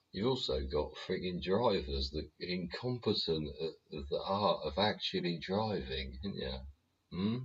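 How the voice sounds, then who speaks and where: A man's voice: a bass voice, husky, muffled recording. A British man hosting a show, ranting profanely in a rambling way and talking back to his chat. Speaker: show host. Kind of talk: ranting livestream commentary.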